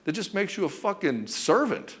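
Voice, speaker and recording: A man's voice: sits high, very animated, normal speed, fairly bright tone. Blunt, emphatic man coaching with swearing. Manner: blunt and emphatic, swearing often, addresses listener as brother and dude. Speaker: relationship coach. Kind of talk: direct-to-camera coaching monologue.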